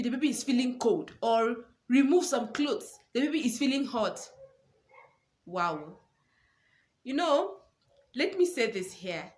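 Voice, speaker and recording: A young woman, a new mother and parenting coach, giving earnest advice to camera and repeating words for stress. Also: medium pitch. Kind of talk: casual advice talk to camera.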